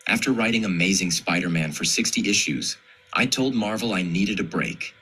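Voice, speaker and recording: A man's voice: low-pitched, animated, normal speed, sharp tone, slightly rough, low-quality recording. A man reading press quotes aloud in a plain delivery.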